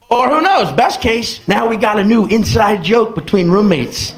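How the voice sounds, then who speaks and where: Lively young man telling a stand-up story. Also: high-pitched, unhurried, few pauses. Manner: animated, laughing through his story. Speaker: stand-up comedian. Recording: roomy stage sound with background noise.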